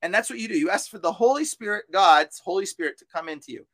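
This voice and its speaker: A man with a high voice preaches with fervent, insistent energy, circling back over the same points. He slips into casual slang like "dude" and "bro". The sound is close and dry, with no room echo. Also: expressive, fast talker, fairly bright tone. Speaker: exorcist guest on a podcast. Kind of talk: preachy podcast talk.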